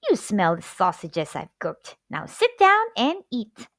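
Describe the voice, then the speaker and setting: A bossy giantess from a storybook, as a woman narrator puts her on, scolding in a high, brisk voice. Her pitch jumps about with lively range. The sound is close and dry. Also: no echo, heavily acted. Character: giant's wife, big, bossy, sharp-tongued.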